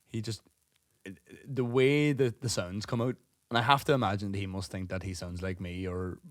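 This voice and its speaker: A man's voice: on the low side, fairly even intonation, normal speed, dry recording, studio quality. A man of about thirty, a podcast co-host rambling through a funny story in casual chat, swearing and laughing as he talks. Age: 30s.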